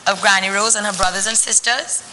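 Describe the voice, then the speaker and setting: A woman's voice: medium pitch, fairly even intonation, brisk, long reverb tail, noisy background. A woman reading a picture book to children and asking them questions in a teacherly way. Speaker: children's storyteller.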